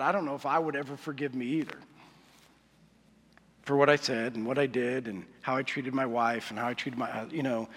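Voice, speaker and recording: A man's voice: fairly high pitch, fairly bright tone, husky. A male pastor preaching a sermon in a church hall, conversational and confessional, often asking his listeners questions. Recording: reverberant hall.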